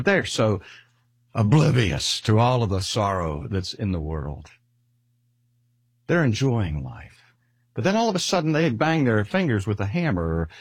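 A husky-voiced older man delivers an earnest sermon. His pitch swings widely as he presses each point, and he draws the important phrases out slowly. The sound is close and dry. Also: no room sound. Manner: earnest, slowing down to stress key phrases. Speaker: preacher.

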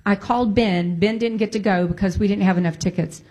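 A woman's voice: medium pitch, fairly even intonation, fairly quick, few pauses, dark tone. A woman telling a personal story in a casual way, emphatic and repeating phrases for emphasis.

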